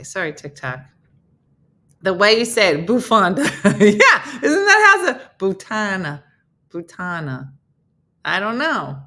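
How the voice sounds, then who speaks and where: A woman's voice: medium pitch, bright, forceful tone. A middle-aged woman with a New Jersey accent, hosting a casual live morning show and chatting with viewers in a self-mocking way.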